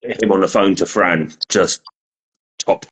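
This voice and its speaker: A man's voice: low-pitched, slow, fairly bright tone, slightly rough, low-quality recording. A man hosting a podcast, laid-back and sweary as he wraps up with the guest. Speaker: podcast host. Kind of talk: casual chat.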